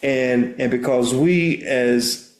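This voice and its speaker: An older American therapist and minister, guesting on an interview, tells a story earnestly and frequently restarts words. He speaks slowly at a medium pitch, and the recording has a roomy echo.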